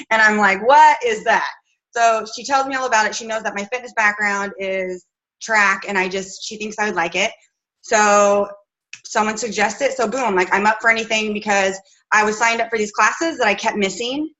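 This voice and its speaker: Woman, 30s, fitness coach, bright open voice, rambling chatty storyteller, at home. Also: medium pitch, poor audio. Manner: chatty, rambling with fillers and restarts. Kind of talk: casual personal story.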